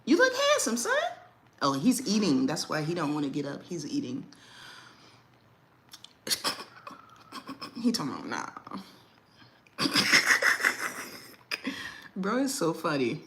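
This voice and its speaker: Lively woman chatting on a livestream. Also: sits low, slow pace, pauses often, background noise. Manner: animated, laughs often, slangy. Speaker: livestream host. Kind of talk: casual livestream chat.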